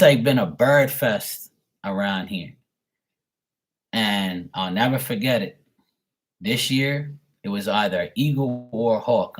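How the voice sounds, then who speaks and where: A Bermudian man with a fairly low, husky voice hosts a live tarot stream. Chatting casually, he tells a rambling, profane story and responds to his viewers.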